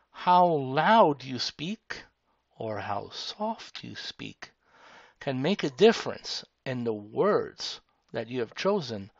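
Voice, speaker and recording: A man teaching a tutorial, speaking slowly and deliberately. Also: mid-range voice, dry recording. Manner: slow, deliberate, demonstrative. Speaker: speaking instructor. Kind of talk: tutorial explanation. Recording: dull lo-fi sound.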